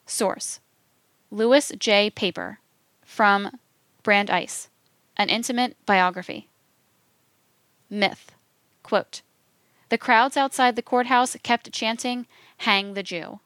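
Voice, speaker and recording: A woman giving a scripted reading of quotations in a measured, even, deliberate way. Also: on the high side, no echo.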